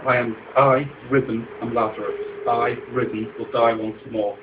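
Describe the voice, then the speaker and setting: A man's voice: mid-range voice, little pitch movement, moderate pace, background noise. A man performing his own poetry live in a dramatic, incantatory way, repeating refrains, on a muffled recording. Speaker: poet.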